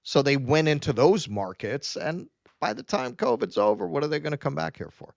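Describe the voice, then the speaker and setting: A man's voice: medium pitch, expressive, moderate pace, creaky, dry recording. A man co-hosting a casual political commentary stream, talking in an earnest, pointed way. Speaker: co-host. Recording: dry, dull lo-fi sound.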